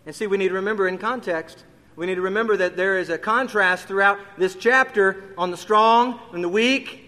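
A man with a high, bright, ringing voice preaches through a verse-by-verse sermon. He climbs sharply in pitch when he presses a question home. His words carry a long reverb from a church sanctuary. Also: a little fast. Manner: expository, rising emphatically on key questions.

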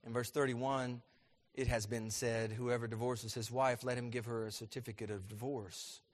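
A man preaching a sermon as pastor, asking his congregation questions and building to loud, emphatic peaks. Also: mid-range voice, flat delivery, normal speed.

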